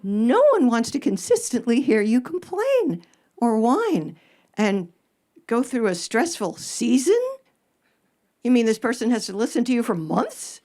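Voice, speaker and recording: A woman's voice: fairly high pitch, sing-song, a little slow, pauses often, a little mellow. An older woman, a radio advice host answering audience questions at a live event, blunt and sarcastic, with casual swearing and punchy jokes. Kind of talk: live stage Q&A.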